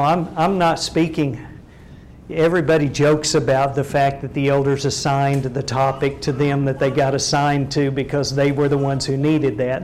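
A man's voice: a little high, darkish tone, a little hiss or hum. A middle-aged man preaching a sermon, earnestly putting direct questions to his congregation.

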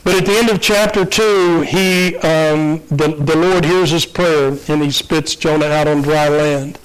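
A man's voice: fairly high pitch, fairly even intonation, unhurried, clear, resonant tone, poor audio. A man preaching an informal sermon, retelling a Bible story in a casual, conversational way with frequent fillers and restarts.

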